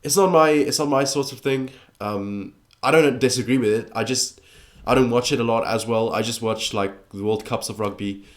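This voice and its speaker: A man's voice: medium pitch, moderate pace. A teenage boy from South Africa with a South African accent, talking casually in a vlog, rambling with fillers and restarts. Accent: South African English. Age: teens. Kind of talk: casual vlog reacting to assumptions.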